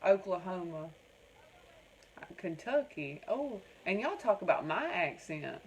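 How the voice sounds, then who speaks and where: A woman's voice: on the low side, very animated, slow pace, a little hiss or hum, rough recording. A woman with a Southern American accent hosting a craft livestream, chatting in a folksy way and answering viewer comments by name. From North Carolina. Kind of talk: casual livestream chat reading viewer comments.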